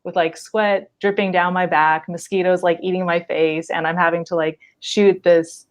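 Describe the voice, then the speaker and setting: A young woman, a wildlife biologist guest, telling an animated story in a casual podcast chat, with lots of "like" and quick laughs. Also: on the low side.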